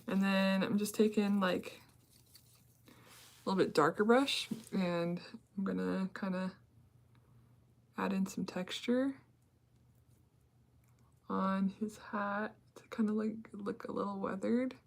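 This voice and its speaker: A woman giving a casual face-painting tutorial, talking in a relaxed, chatty way as she works at a mirror and sometimes dropping into soft whispers. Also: mid-range voice, slow pace, creaky, long pauses. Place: indoors at a mirror.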